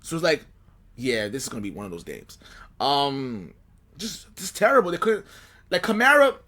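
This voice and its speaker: A man's voice: mid-range voice, sing-song, normal speed, bright, forceful tone. A man co-hosting a casual sports podcast, talking animatedly and with frustration, repeating himself as he complains about his team. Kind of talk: casual fan chat.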